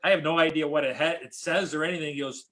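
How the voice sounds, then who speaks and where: A man's voice: fairly high pitch, steady tone, quick pace, a bit bright. A middle-aged American man, a former hockey player, telling stories as a podcast guest, rambling with many fillers and restarts. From United States. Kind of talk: casual storytelling interview.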